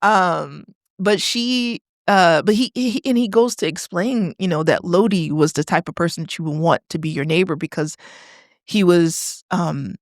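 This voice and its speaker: A woman from Detroit, a podcast guest, telling a family story in an animated, chatty way with frequent laughs. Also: lowish voice, normal speed, dry recording, studio quality. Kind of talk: conversational storytelling. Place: podcast studio.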